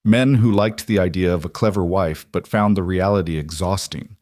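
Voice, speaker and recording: A man voicing a frank young woman scientist who speaks in a steady, measured way, read as a storybook. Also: low voice, dry recording, clean studio sound, natural voice. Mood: earnest. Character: sharp-minded young female scientist, frank.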